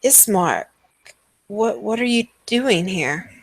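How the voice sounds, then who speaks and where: A woman voicing a dazed old male priest with a hoarse, weak, halting voice. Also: mid-range voice, expressive, no echo, exaggerated voice. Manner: distracted, halting.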